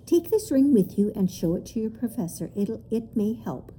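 Storybook, regal male creature, kindly, solemn, measured, woman reading, lively pitch. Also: slight background noise, low-quality recording. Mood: earnest. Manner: slow, solemn and stately.

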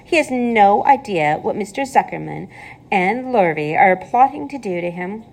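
A woman's voice: mid-range voice, animated, moderate pace, vocal fry, a little mellow. A woman voicing a knowing female goose musing to herself, amused and motherly, in a storybook read-aloud.

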